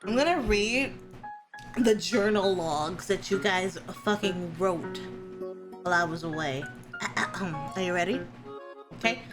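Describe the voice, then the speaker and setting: A woman streamer chatting casually with her viewers, excitable and squealing, swearing freely. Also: on the low side, slow pace, pauses often, music in the background. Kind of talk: casual live-stream chat.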